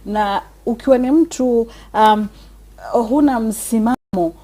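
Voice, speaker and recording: A woman speaks as a guest on a live talk show. Her voice is mellow and warm, and she is measured and earnest, weaving English into her Swahili. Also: a little high. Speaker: guest speaker, religious teacher.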